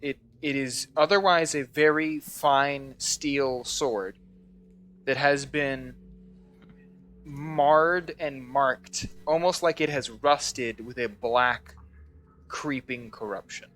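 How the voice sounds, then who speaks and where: Game master type: man, mid-pitched, descriptive narration, pauses to find words. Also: a bit bright.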